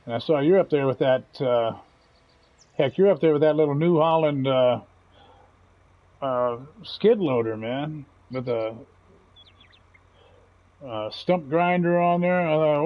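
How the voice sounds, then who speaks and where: A man's voice: fairly high pitch, unhurried, pauses often, dry recording, dull audio. A man giving casual, folksy commentary while playing a farming game, chatty and chuckling often. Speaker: gaming channel host.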